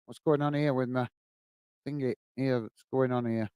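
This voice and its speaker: A man's voice: medium pitch, fairly even intonation, moderate pace, dark tone, smooth, dry recording. A man from the UK hosting a football livestream, giving live match commentary and chatting with viewers, full of fillers and calling everyone mate. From United Kingdom.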